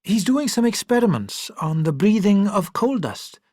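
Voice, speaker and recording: A warm young wife from an old novel, her voice lifted high and lilting, as an audiobook reader puts her on. The reading is close and dry, with no room sound. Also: big pitch swings, normal speed, no room sound. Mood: eager. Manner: raised, lilting pitch for her lines. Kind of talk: audiobook character voice.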